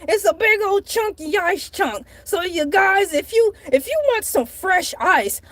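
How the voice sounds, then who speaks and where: A woman's voice: a bit bright, no room sound. A woman voicing a boastful shark man who runs his own comedic vlog, rambling and giggly. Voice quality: very high, squeaky put-on voice.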